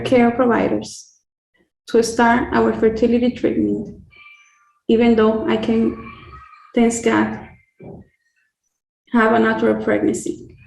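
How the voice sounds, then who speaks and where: A woman sharing her own cancer story on a video call, earnest and deliberate in tone. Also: on the high side, creaky, a little mellow, reverberant, low-quality recording. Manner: earnest, slow and deliberate, list-like phrasing. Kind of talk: heartfelt personal testimony.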